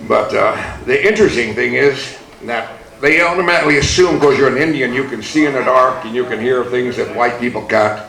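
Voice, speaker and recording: An older man with a gravelly, rough-edged voice tells stories in a blunt, profane, laughing manner. He speaks as an activist addressing a reunion audience. The recording is echoey, as in a large hall. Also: mid-range voice, brisk, hardly any pauses, a bit bright. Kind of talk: storytelling speech.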